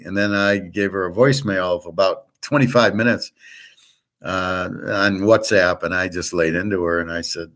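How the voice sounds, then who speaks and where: A man's voice: lowish voice, normal speed. An older man hosting a show, telling a long grievance story in a blunt, profane, rambling way. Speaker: show host. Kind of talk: casual rambling monologue.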